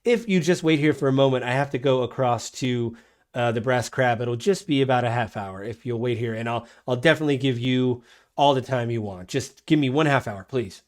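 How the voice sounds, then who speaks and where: A man's voice: mid-range voice, fairly quick, close to an everyday voice. A man voicing a courteous mayor woman. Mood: earnest.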